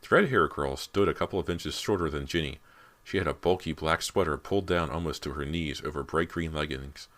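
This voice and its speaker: A man reading a teen horror novel as audiobook narrator, in a steady, measured way. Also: very deep voice. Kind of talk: scripted narration.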